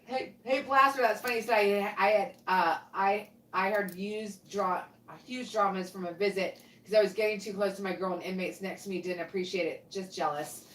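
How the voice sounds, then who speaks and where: A woman's voice: medium pitch, steady tone, moderate pace, few pauses, fairly bright tone, far from the mic. Chatty woman, roomy and off-mic. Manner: chatty, laughs often, reads comments aloud. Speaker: livestream co-host reading viewer comments. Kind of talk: casual chat.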